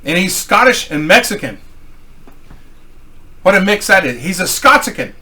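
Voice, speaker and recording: A man's voice: high-pitched, big pitch swings, normal speed, pushed and bright. A man from Missouri telling a rambling, profanity-filled anecdote in a casual style. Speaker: storyteller.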